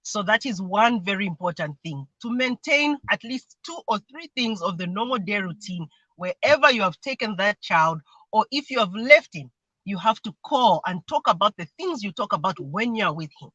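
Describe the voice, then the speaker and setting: A woman with a medium-pitched, animated voice, pushed and bright, talks at a normal speed as a mentee in a livestream conversation over a remote video call. She earnestly describes her family routines and occasionally mimics voices when quoting others. The audio is dry, with the highs cut off.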